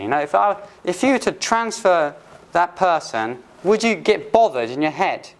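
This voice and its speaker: A man teaching English phrases to learners, patiently repeating examples slowly and restarting often. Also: a little high, animated. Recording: faint background noise.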